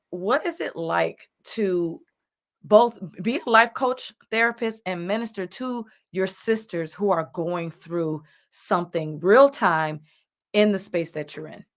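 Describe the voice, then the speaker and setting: A woman's voice: on the low side, a little slow. A woman hosting a live video chat, affirming her guests and turning to ask them questions. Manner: affirming, frequent mm-hmms, animated quotes. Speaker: host. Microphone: video call.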